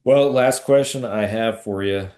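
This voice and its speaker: A man's voice: lowish voice, unhurried, mellow. A man hosting a podcast interview, easygoing and often restarting his sentences. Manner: easygoing, hesitant, many restarts. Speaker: podcast host. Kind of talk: casual interview.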